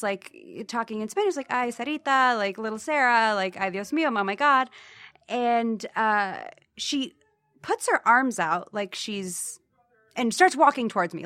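A woman's voice: a little high, fairly bright tone, no echo, clean studio sound. A young adult woman telling a personal story in a chatty, wry way, acting out the voices of others.

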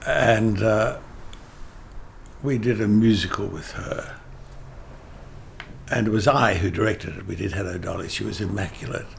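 Gravelly older man, theatre director. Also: lowish voice, a little slow, long pauses, slight background noise. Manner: anecdotal, emphatic, with frequent restarts. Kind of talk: interview conversation.

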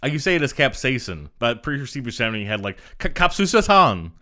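A man's voice: mid-range voice, quick pace, sharp tone. A man co-hosting a casual movie podcast who teases his co-host with playful banter. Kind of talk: casual movie review chat.

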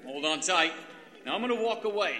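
A man's voice: high-pitched, animated, fairly quick, pushed and bright, long reverb tail. A man voicing a brash young New Zealand thrill-seeker with a laid-back, matey manner and a New Zealand accent. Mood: easygoing.

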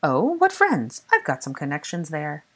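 A woman's voice: sits low, wildly swooping pitch, normal speed, heavily acted. A woman voicing a sly, courteous French marquis, polite and prying, with a French accent. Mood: suave, inquisitive. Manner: polite and probing.

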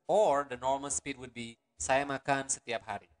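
A man teaching an online language lesson, patiently repeating words slowly and syllable by syllable. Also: medium pitch.

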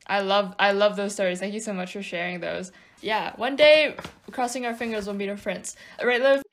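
Upbeat woman hosting an interview. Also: medium pitch. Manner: upbeat and chatty. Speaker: podcast host. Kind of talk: casual interview.

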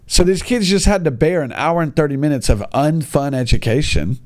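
A man's voice: on the high side, fairly quick, a little mellow. An American man who teaches English, telling an exasperated, sarcastic comic rant and acting out other people's voices. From United States. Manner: exasperated, sarcastic, acts out voices of kids and parents. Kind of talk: stand-up style comic rant.

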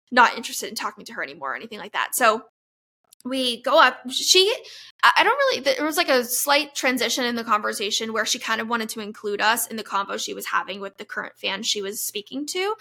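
A young woman hosting a podcast, telling a long, excited story full of fillers and gushing asides. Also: a little high, vocal fry. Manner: gushing, breathless fan recap with many fillers. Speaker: podcast host.

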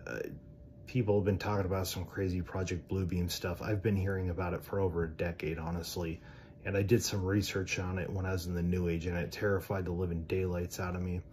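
Deep-voiced male podcaster, earnest and direct, loose rambling delivery. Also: slight background noise. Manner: rambling, with many fillers and restarts. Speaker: Christian podcaster. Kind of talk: casual religious talk.

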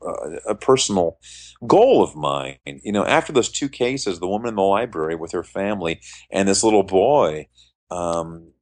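A man's voice: deep voice, normal speed. A middle-aged man, a magician being interviewed, telling stories and acting out the voices of the people in them. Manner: animated storyteller acting out quoted voices. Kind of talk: storytelling in an interview.

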